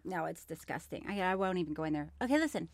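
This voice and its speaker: A woman's voice: fairly low pitch, lively intonation, fast talker, no room sound, clean studio sound. A woman co-hosting a podcast in casual, giggly chat that often trails off. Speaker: podcast co-host.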